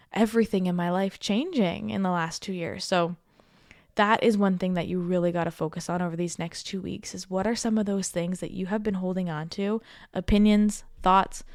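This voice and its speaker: A woman's voice: mid-range voice, darkish tone, dry recording. A woman in her thirties hosts a heartfelt, casual podcast as a coach. She talks in an encouraging, chatty way, keeps asking "okay?" and "right?", and breaks into easy laughs. Her mid-range voice sits close on a dry mic with no room sound.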